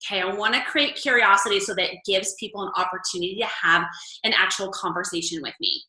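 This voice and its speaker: A woman leading a casual coaching call for her fitness business team, chatty and animated. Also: mid-range voice, fast. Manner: chatty, animated, acts out quoted lines. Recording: echoey room.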